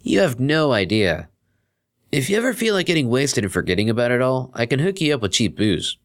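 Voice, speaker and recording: Brief: a chill, chatty young stallion student, lively voice, read by a man. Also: medium pitch, a little fast, pitched above the performer's own voice. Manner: easygoing and chatty. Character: laid-back young male earth pony student. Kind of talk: fan fiction reading.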